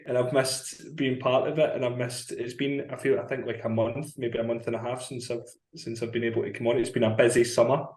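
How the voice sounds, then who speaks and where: A man's voice: medium pitch, darkish tone. A man in easy banter, talking in loose, rambling runs and breaking into laughs. His voice sits mid-range and carries a noticeable room echo. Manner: chatty, rambling, laughs often. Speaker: podcast co-host. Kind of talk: casual banter. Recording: roomy echo.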